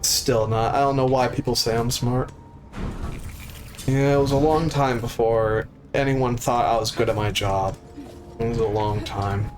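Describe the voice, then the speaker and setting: A man's voice: mid-range voice, steady tone, unhurried, slight background noise. A young man, a live streamer, telling a story casually, full of swearing and acting out the voices of the people in it. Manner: profane, acts out voices of people in his stories.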